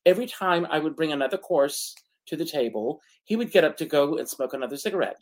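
Quick-paced and expressive, this man with a higher voice co-hosts a talk show, dramatically recounting something from his own life and laughing through its sadder moments in casual conversation.

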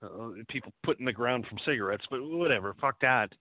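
A man's voice: medium pitch, brisk, no echo, narrow, tinny audio. A man hosting a call-in show, talking crudely and rambling. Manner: profane, rambling and animated. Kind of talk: crude casual call-in talk.

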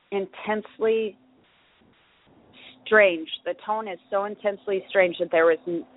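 A woman's voice: fairly low pitch, dry recording. A woman hosting a podcast, explaining her topic in a chatty way, with fillers and restarts. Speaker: podcast host. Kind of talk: casual solo podcast talk. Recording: dry phone-like audio.

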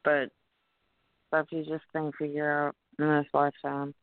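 A woman with a Southern US accent, co-hosting a casual call-in radio show and rambling through animated stories with some cursing. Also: deep voice, measured pace, no room sound. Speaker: co-host. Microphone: phone. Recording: tinny phone line.

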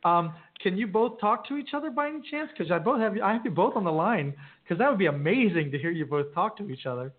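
A man's voice: high voice, expressive, fast, hardly any pauses. A man hosting a call-in radio interview, effusive and enthusiastic. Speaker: radio host. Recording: tinny phone-quality audio with faint noise.

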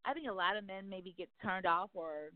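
A woman's voice: medium pitch, a little fast, no echo. A woman guest talking candidly and bluntly about dating, outgoing and outspoken, cursing freely. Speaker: guest on a talk show. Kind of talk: casual candid conversation. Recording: phone-like dry narrow sound.

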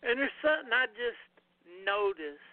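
A man co-hosting a casual movie commentary, blunt and profane, talking in quick bursts with restarts. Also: very high voice, sing-song, no room sound. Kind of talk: casual chat over a movie. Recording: tinny phone-like sound, dry.

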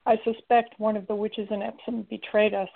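A woman's voice: mid-range voice, little pitch movement, normal speed, creaky. A woman voicing a loyal, somber male companion who speaks solemnly and steadily. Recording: tinny lo-fi recording.

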